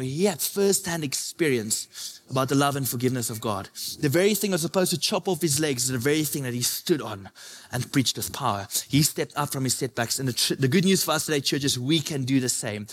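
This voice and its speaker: A man's voice: on the high side, animated, quick pace. A man preaching a sermon to his church, building his points through impassioned repetition.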